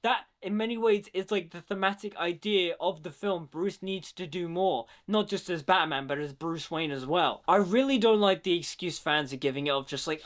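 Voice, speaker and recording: A man with a fairly high voice talks through a movie in a casual commentary. He is opinionated and chatty, and he scatters "like" throughout his sentences as he makes his points. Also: moderate pace, a bit bright. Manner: opinionated, chatty, many "like" fillers.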